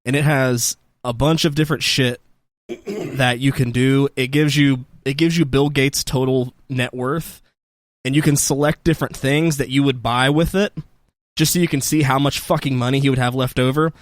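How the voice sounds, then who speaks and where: A man's voice: medium pitch, fairly even intonation, normal speed, no room sound. A man co-hosting a casual podcast. He talks bluntly and swears freely. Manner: blunt, swears freely, backs up the other host. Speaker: podcast co-host.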